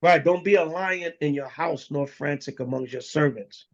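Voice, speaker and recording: A man with a notably high voice delivers a preaching lesson as an elder. He talks bluntly, drops curses and street slang, and the recording sounds dull and muffled. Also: moderate pace. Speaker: elder teaching a congregation.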